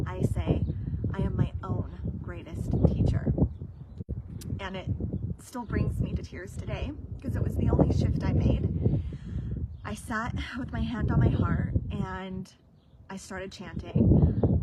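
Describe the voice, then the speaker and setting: A woman's voice: mid-range voice, unhurried, heavy background noise. A woman and business coach telling a personal story on a livestream, earnest and emotional, sometimes dropping to a whisper.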